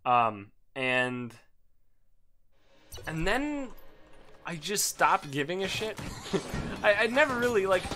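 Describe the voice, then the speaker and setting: A man's voice: sits high, big pitch swings, slow, long pauses, over music. A young man ranting casually about films while commenting on a game, with lots of swearing and restarts. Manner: ranting, profane, self-interrupting. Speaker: let's play host.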